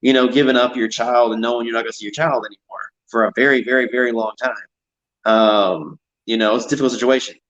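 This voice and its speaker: A man's voice: medium pitch, steady tone, fast, fairly bright tone, muffled recording. A man talking in a casual chat, rambling and repeating himself.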